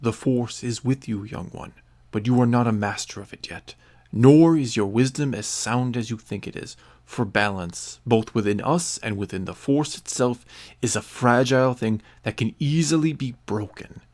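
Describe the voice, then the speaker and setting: A man voicing a cold, stern older male dark lord in a read-aloud story. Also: mid-range voice, moderate pace, lightly acted.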